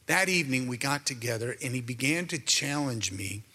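A man's voice: medium pitch, animated, moderate pace, sharp tone, in a large hall. A man co-hosting a Christian talk show, telling his story in an earnest, preacherly way and speaking straight to the listeners. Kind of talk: preaching-style testimony.

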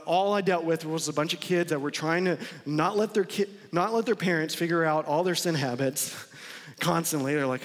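Male pastor, slightly high voice, emphatic, driving sermon full of rhetorical questions, long church reverb. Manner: emphatic, repeats lines and asks rhetorical questions.

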